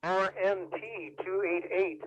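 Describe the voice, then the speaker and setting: A man's voice: sits high, fairly even intonation. A man acting as net control, formally reading a radio check-in script. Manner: measured, formal announcing. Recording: dull radio audio with faint hiss.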